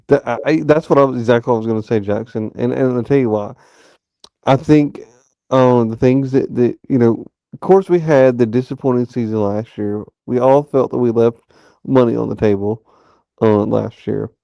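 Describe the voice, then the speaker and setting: A man hosting a fan call-in show, giving his opinions in a drawn-out, stammering way. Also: medium pitch, gravelly, mellow, no echo, dull audio. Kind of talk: casual sports talk.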